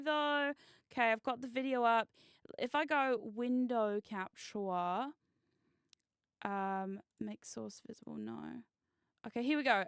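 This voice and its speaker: Giggly high-voiced woman streamer. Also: clean tone, no room sound, clean studio sound. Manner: excitable, giggly, swears casually. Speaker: VTuber streamer. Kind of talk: casual live-stream chat.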